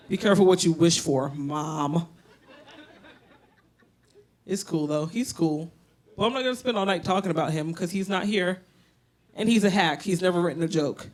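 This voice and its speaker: A young woman with a Southern US accent doing a loud, profane, self-mocking stand-up set on a bar stage. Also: sits low, normal speed, pauses often. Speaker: stand-up comedian. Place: comedy bar stage, live audience.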